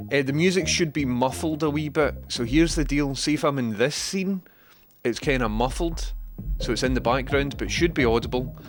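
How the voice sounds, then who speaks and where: A Scottish man chatting casually on a livestream, rambling and speaking directly to his viewers. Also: medium pitch. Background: background music.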